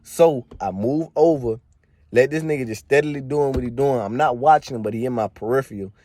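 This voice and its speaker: Dude telling a party story all slangy and rambling, mellow voice, dry close sound. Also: male voice, medium pitch, brisk, dry recording. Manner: slangy, rambling, fillers and restarts. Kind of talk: casual storytime monologue.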